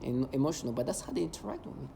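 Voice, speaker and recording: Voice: medium pitch, expressive, rapid-fire, creaky, background noise. A vlogger ranting in an agitated, emotional monologue, hurling repeated insults.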